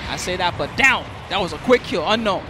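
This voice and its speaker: An excitable man calls a live esports match in a high, bouncy voice that jumps all over the place. He keeps up slangy banter with chat and laughs often. Game music plays clearly behind him. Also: brisk. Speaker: tournament commentator and stream host.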